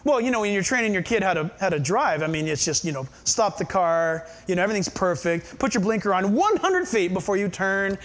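A man's voice: high voice, sing-song, a little fast, few pauses. A middle-aged man, preaching a sermon and asking the congregation questions. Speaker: pastor.

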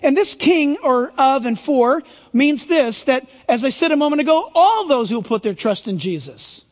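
A man's voice: very high voice, very animated, normal speed. A male pastor preaching a sermon, emphatic and full of rhetorical questions. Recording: reverberant hall, dull lo-fi sound.

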